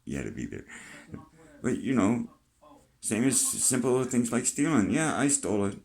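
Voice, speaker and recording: A man's voice: mid-range voice, wildly swooping pitch, normal speed, vocal fry, darkish tone. An older man with a Canadian accent, talking freely in a rambling vlog monologue, chatty and plain-spoken, swearing now and then. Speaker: vlogger.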